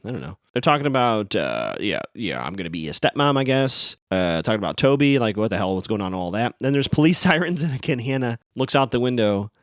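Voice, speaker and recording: A man podcast host rambles through an episode recap, sarcastic and amused. His pitch jumps around a lot, and the sound is dry and close. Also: sing-song, a little fast, hardly any pauses, no room sound.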